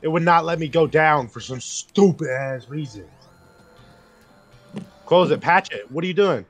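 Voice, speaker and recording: A man's voice: fairly high pitch, unhurried, soft background music. A man chatting while playing a video game with friends, teasing them and giving orders. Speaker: gamer. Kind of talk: casual gaming chat.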